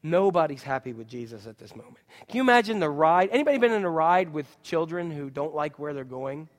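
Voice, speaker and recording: A man with a high-pitched voice preaches a sermon in an animated way, throwing questions at the congregation and acting out what people say. His voice rings with the long reverb of a big hall. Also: brisk. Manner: animated, acts out quotes and asks the congregation questions. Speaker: pastor.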